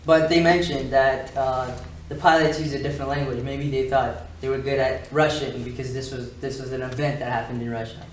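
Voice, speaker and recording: A man's voice: medium pitch, level tone, a little fast, few pauses. A man with an Indian accent, a native Gujarati speaker and flight student, chatting eagerly and rambling in a classroom discussion. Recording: echoey room, from far off, noise.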